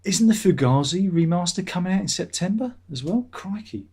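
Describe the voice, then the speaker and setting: A man's voice: high voice, lively intonation, fairly quick, a little mellow, husky. A man hosting his own vlog, chatting in a meandering way and swearing casually. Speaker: vlogger, channel host. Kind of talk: rambling casual chat.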